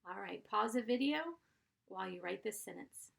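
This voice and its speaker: A woman's voice: medium pitch, normal speed, creaky. A woman teaching a first grade class, dictating sentences and patiently sounding out letters and blends.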